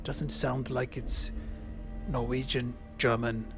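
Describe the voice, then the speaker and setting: The Australian YouTuber talks to himself slowly and flatly in a mid-range voice while playing a survival game. His commentary is casual, chatty and wry. Music plays in the background, and the game sounds come through clearly.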